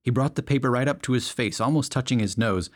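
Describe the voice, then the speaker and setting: A man's voice: mid-range voice, fast talker. A man narrating a western story in a wry storytelling manner. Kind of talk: audiobook narration.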